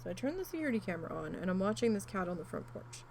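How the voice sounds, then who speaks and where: A woman vlogger telling a rambling, animated story in a casual chat while she crafts, with asides and mild swearing. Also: medium pitch, rapid-fire, vocal fry, slight background noise, low-quality recording.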